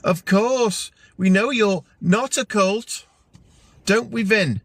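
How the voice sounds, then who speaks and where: A man's voice: sits high, takes it slowly, a bit bright, no echo, pitched above the performer's own voice, heavily acted. A man voicing a suspicious, theatrical male pub regular who speaks knowingly. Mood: scheming.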